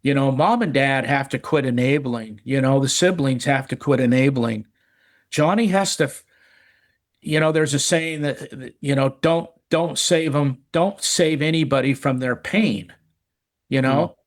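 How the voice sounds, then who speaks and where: A man's voice: mid-range voice, a little slow. A middle-aged man telling a personal recovery story in casual chat, earnest, often repeating words and restarting. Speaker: recovery podcast guest.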